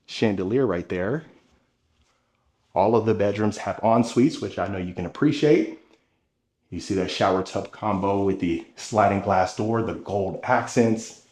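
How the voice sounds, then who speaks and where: With steady enthusiasm, a man whose voice is slightly low leads viewers on a tour of a large house, talking right to them. It's recorded on a handheld camera as he walks through the rooms.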